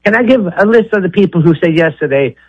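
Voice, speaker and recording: A man's voice: high-pitched, lively intonation, quick pace, husky, no echo. A man calling in to a radio show, eager and reeling off long lists of names. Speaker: caller. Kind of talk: phone-in talk radio. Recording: dull lo-fi phone line.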